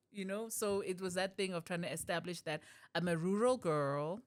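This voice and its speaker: Middle-aged South African woman, comedian guest; expressive, laughs often, slips into voices. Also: fairly low pitch, moderate pace. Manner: animated, laughs often, switches voices for quotes. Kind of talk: podcast interview.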